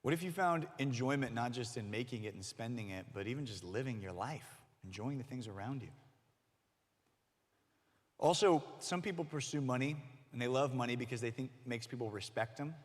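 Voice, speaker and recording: A man preaching a sermon to middle schoolers as their youth pastor, animated and acting out the voices he quotes. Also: mid-range voice, a little fast. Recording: long hall reverb.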